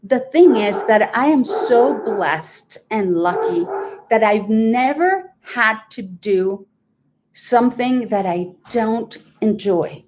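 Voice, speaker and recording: A woman's voice: fairly high pitch, animated, slow, background noise. A woman hosting a weekly livestream, talking candidly and emotionally in an earnest, reflective, rambling way. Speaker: host of a weekly sound bath livestream. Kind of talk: candid heartfelt livestream talk.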